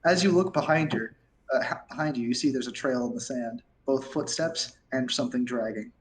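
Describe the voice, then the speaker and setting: A man narrating as game master of a tabletop game, animated and quick to laugh. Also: medium pitch.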